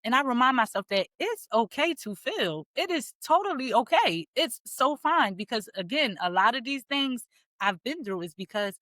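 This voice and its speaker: A Philadelphia woman in her thirties, appearing as a podcast guest, shares candid stories about her own life and laughs easily while telling them. Her voice is on the high side, sing-song, and sharp-toned at a moderate pace, in a dry recording.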